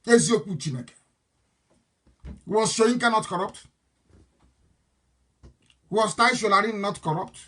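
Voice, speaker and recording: A man's voice: sits high, unhurried, pauses often, a bit bright. A man giving a live online broadcast as a political speaker, combative, defiant and emphatic.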